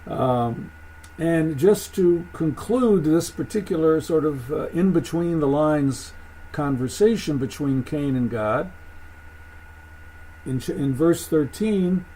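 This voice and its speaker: A man giving a thoughtful lecture on Jewish texts, halting and restarting as he explains. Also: fairly high pitch, lively intonation, mellow, slight background noise, poor audio. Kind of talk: recorded lecture.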